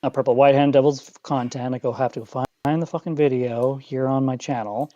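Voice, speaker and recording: A man's voice: mid-range voice, steady tone, brisk, warm tone, no room sound, muffled recording. An American man calling in to a talk show, speaking in a guarded, dismissive, matter-of-fact way. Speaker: guest caller. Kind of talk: casual call-in chat.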